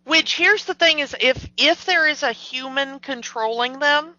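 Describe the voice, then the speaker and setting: A woman with a high, bright, forceful voice co-hosts a podcast, speaking a little slowly as she discusses a movie casually, skeptically and animatedly with plenty of fillers. The recording is dull, lo-fi podcast audio with no room sound.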